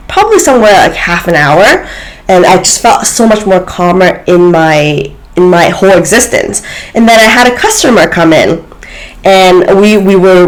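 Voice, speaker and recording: A woman's voice: fairly low pitch, poor audio. A woman vlogger talking to her viewers in an earnest, reflective way, with many fillers and restarts. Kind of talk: casual spiritual talk to camera.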